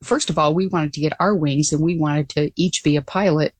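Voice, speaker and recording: An older woman being interviewed as a guest, telling her story in an earnest, animated way with frequent restarts. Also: low voice, brisk, dry recording. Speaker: guest, former pilot.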